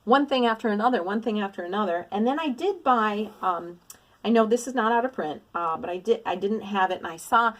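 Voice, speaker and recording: A woman's voice: medium pitch, lively intonation, a little fast, fairly bright tone. A middle-aged woman vlogging a craft haul in a casual, gushing, exclamatory way. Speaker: cross-stitch vlogger. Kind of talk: casual show-and-tell haul.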